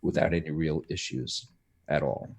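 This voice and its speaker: A man's voice: extremely low pitch, animated, moderate pace, vocal fry, husky. Man, game master, tabletop narration, hesitant, filler words.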